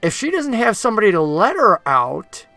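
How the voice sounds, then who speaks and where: A game master voicing a calm, concerned woman from a circus who explains magic softly. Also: medium pitch, moderate pace, creaky, faint music behind, heavily acted. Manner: soft and questioning.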